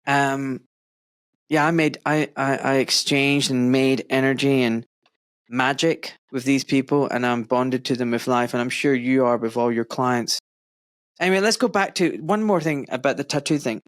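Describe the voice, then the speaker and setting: A middle-aged Glaswegian man hosts a podcast in a dry, close recording. He talks in an earnest, effusive way, wandering through his thoughts with fillers. His pitch sits in the middle range. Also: normal speed, no echo. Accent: Glaswegian Scottish. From Scotland. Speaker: podcast host. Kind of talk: warm conversational interview.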